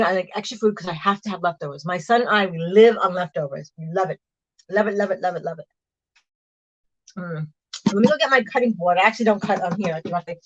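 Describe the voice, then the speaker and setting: A woman's voice: medium pitch, fairly bright tone. Middle-aged woman, livestream host, chats and laughs while prepping food. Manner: chatty and giggly, talking with food in her mouth. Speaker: vlog host reading live chat. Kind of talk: casual livestream chat while cooking.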